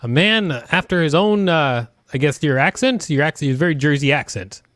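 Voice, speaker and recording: A man hosting a live-streamed talent show over a video call, halting with many fillers and dry jokes. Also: fairly high pitch, expressive, a bit bright, no room sound.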